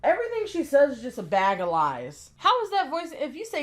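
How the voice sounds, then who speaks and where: Exasperated woman ranting, high voice. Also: sing-song, a little fast, hardly any pauses. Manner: blunt, exasperated, cussing. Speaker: commentary YouTuber. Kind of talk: ranting reaction commentary.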